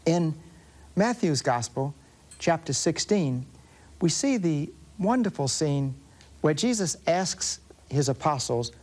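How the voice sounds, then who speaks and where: A man with a Southern US accent preaching a sermon as a Catholic preacher, explaining scripture earnestly and slowing down to stress references. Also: a little high, very animated, darkish tone.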